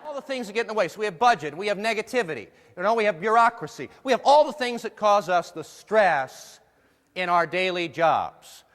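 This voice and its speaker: A man's voice: high-pitched, expressive, fairly quick, fairly bright tone. A man giving a humorous keynote talk to a live audience, playful and jokey, putting questions to the crowd. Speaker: motivational speaker. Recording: long hall reverb.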